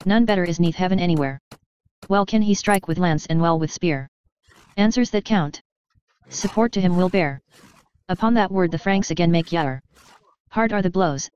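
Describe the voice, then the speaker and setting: Woman reciting an epic poem, smooth and low. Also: dry recording, highs cut off. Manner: measured, steady verse recitation. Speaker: reader. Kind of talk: reading an epic poem aloud.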